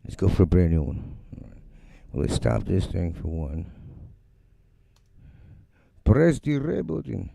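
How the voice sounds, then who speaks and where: Middle-aged guy on his music stream, super gravelly, dark voice, cussing and blunt. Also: low voice, a little slow, pauses often, no echo. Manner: blunt, profane, animated, mocks others in quoted voices. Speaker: musician livestream host. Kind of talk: casual live-stream rant. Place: home studio.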